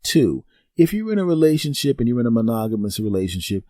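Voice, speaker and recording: A man riffs through a solo podcast monologue, his voice leaping high and dropping low as he plays himself and his friend. The tone is mellow and dark, recorded dry and close with no room sound. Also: quick pace, no echo. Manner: animated storytelling, acting out both sides of conversations; profane, teasing. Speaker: podcast host.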